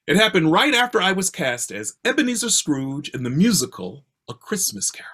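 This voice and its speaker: An older man from Baltimore telling a personal story with a theatrical, expressive delivery, heard over a video call. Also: fairly quick, few pauses. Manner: expressive, theatrical delivery with swings in pitch and pace.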